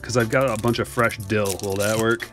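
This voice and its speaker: Music plays in the background as a man with a lowish, steady voice opens trading card packs on stream at a moderate pace. The card break streamer is a little out of breath, keeping things chatty and jokey while reading his chat aloud and responding.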